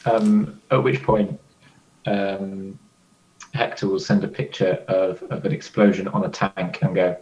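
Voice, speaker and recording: A man playing a tabletop role-playing game, describing his character's actions in a halting third person. His voice sits very low, and the recording sounds dull and lo-fi. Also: little pitch movement, darkish tone, a little hiss or hum. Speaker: player.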